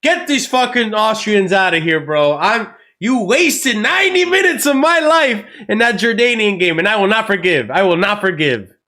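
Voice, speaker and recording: A man hosting a live football watchalong stream, excitable and swearing a lot, with loud outbursts at big moments. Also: sits high, moderate pace, hardly any pauses. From United States. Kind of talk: live match reaction stream.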